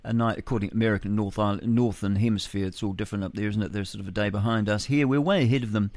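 A man's voice: fairly low pitch, fairly even intonation, very fast, darkish tone, no echo. A man hosting solo breakfast radio, musing aloud and reading news with chuckling rhetorical asides. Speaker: radio host. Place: home studio with a window.

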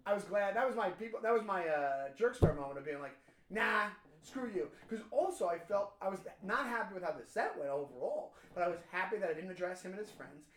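Male podcast co-host, animated storyteller, in a roomy echoing room. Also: high-pitched, fast talker, hardly any pauses. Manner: animated, swearing, acts out quoted voices. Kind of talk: casual chat, storytelling.

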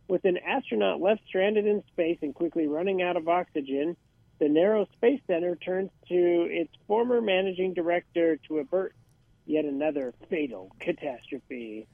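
A man's voice: sits high, normal speed, gravelly, dry recording, narrow, tinny audio. A man reviewing movies on a radio panel, with wry and dismissive quips. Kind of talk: casual panel chat.

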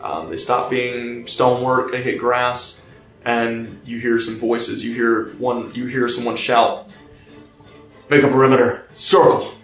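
A man narrating as game master of a tabletop game, pausing and restarting as he describes scenes. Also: medium pitch, flat delivery, fairly bright tone. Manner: halting, many fillers and restarts while describing scenes. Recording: roomy, distant mic, faint music behind.

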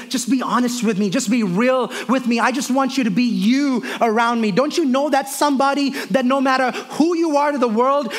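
A male pastor preaching a sermon, earnest and personal, often repeating words and moving between raised and hushed delivery. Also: very high-pitched.

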